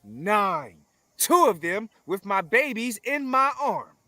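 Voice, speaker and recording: High-voiced forceful man, preaching cadence. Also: expressive, measured pace, no room sound. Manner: forceful, emphatic, preaching cadence with repeated phrases; profane, blunt. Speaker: interview guest. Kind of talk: confrontational conversational interview.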